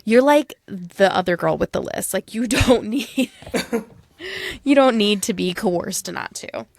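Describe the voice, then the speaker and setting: Chatty woman with a gravelly edge. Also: mid-range voice, slow pace, no room sound. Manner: chatty, animated, trailing off mid-sentence. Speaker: podcast co-host. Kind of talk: casual chat.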